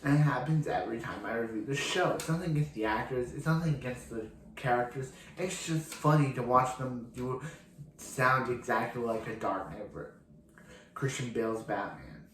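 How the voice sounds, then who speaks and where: A man's voice: mid-range voice, normal speed, a little hiss or hum. A man casually recapping a TV episode as a reviewer, rambling with lots of restarts and fillers. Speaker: TV show reviewer. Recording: echoey room.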